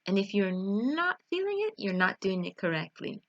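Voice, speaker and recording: A woman's voice: medium pitch, big pitch swings, normal speed, no echo, muffled recording. A woman teaching English pronunciation in an online video lesson, speaking carefully and exaggerating each sound in drills.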